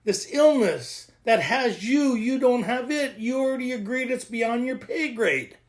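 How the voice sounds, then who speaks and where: High-voiced excitable man teaching. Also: unhurried. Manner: joking, excitable, laughs often. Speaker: recovery workshop speaker. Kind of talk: animated teaching talk.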